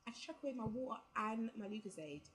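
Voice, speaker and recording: A woman's voice: fairly high pitch, animated, fast talker, a bit bright, slight background noise, poor audio. A young woman, telling a travel story casually to camera and filling it with "like" and quoted dialogue. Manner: chatty, full of "like" and quoted dialogue. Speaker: vlogger.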